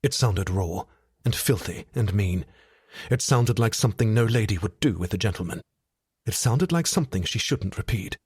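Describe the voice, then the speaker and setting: Male audiobook narrator, low voice, husky, dry close sound, steady sensual reading. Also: moderate pace, no echo. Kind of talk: scripted romance narration.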